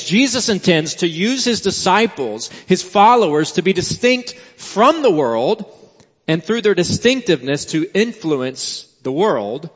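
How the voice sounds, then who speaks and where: A man preaching a sermon from the pulpit, earnest and emphatic, with deliberate pauses. His voice sits a little high for a man. The sound is muffled and lo-fi, with a long reverb trailing off in a large church hall. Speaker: pastor. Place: church sanctuary.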